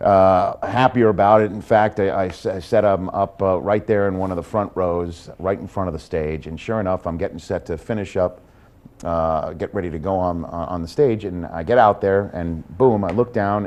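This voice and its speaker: A man telling a comic anecdote as a game-show guest, lively and self-assured. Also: low voice, normal speed. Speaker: guest contestant.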